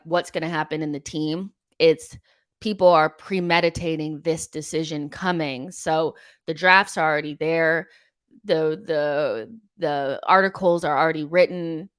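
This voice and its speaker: Low-voiced woman hosting a fan stream. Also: no echo, studio quality. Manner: chatty, many ums and likes, frank opinions. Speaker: host of a football fan show. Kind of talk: casual live-stream chat reading viewer comments.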